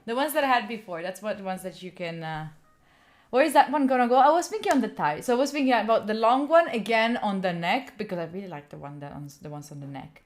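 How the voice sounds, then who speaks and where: Talking fast and animatedly at medium pitch, a woman whose first language is Italian hosts a casual chat on her study stream. Coming from Italy, she rambles, jokes about herself and laughs frequently.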